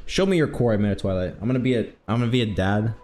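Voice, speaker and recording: A man chats casually while streaming a game, wandering from story to story. His pitch moves a lot, and he jumps into loud, excited yelps when something catches his eye. Soft game music plays faintly underneath. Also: fast talker. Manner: rambling, animated, exclaims loudly when excited. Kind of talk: casual let's-play chat.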